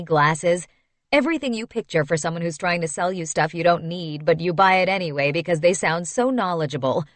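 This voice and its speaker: A woman narrating a first-person story in an expressive, wistful storytelling manner. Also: lowish voice, no room sound. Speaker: audiobook narrator.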